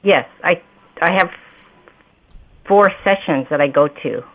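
A woman's voice: deep voice, lively intonation, takes it slowly, no room sound. A woman answering a phone call, polite, puzzled and patient. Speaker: prank call target. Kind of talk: phone conversation. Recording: tinny phone line.

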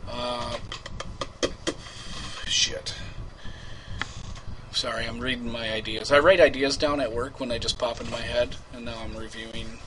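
A man hosts a homemade prank call show, chatting casually, rambling, laughing often, and trailing off into mumbling as he reads out his ads. His voice is mid-range, steady, and a bit bright, a little slow with long pauses. The audio is poor, with a little hiss or hum.

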